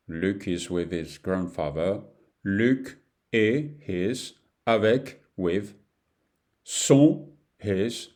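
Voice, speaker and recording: Slow, deep-voiced French teacher. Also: male voice, darkish tone. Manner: patient, repeats phrases, broken English. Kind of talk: slow beginner language lesson.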